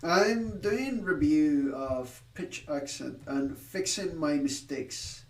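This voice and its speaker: A man talks through his study session live, thinking aloud and often stopping to correct himself. His voice sits a little high for a man. He is heard from a distance, in a roomy, echoing space. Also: takes it slowly. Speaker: streamer learning a language.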